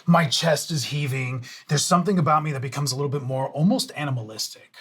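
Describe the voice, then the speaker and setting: A man's voice: fairly high pitch, fast talker, a bit bright, slightly rough. A man playing a tabletop role-playing game, casually thinking aloud as he describes what his character does. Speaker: player.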